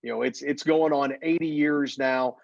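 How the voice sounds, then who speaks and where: With a medium-pitched, creaky voice at a moderate pace, a man from Missouri who works as a play-by-play announcer chats in a casual interview. The audio is dull with no echo, and he tells his stories animatedly, acting out the quotes.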